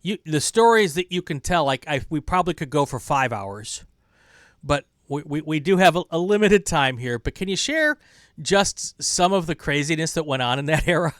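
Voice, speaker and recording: A man's voice: on the high side, very animated, normal speed, a bit bright, no room sound, studio quality. A man hosting an interview podcast who asks questions in a conversational, appreciative manner. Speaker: podcast host.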